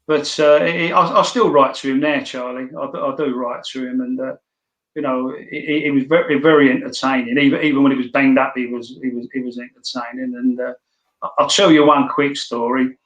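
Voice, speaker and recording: A man's voice: mid-range voice, steady tone, fairly quick, a bit bright, lo-fi sound. Blunt swearing man telling stories, roomy echo. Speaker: podcast guest. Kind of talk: casual storytelling.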